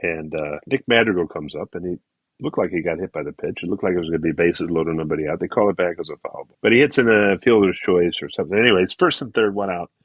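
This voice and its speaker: A man's voice: low voice, fast talker, husky, no room sound. A male podcast co-host recapping baseball in a rambling, casual way with many fillers. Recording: dull lo-fi recording.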